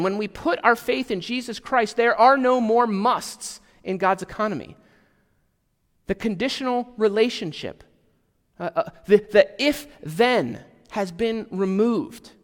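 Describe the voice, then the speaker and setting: A man's voice: sits high, a bit bright, big-room sound. A male pastor preaching a conversational sermon, dropping to a near whisper for emphasis. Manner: conversational, with asides and self-deprecating humor. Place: church sanctuary.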